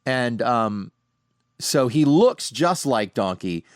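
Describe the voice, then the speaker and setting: A middle-aged man hosting a podcast, casually telling animated anecdotes from home with frequent restarts. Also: medium pitch, takes it slowly, dry recording, clean studio sound. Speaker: podcast host. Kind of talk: casual storytelling monologue. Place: home, sitting on a couch.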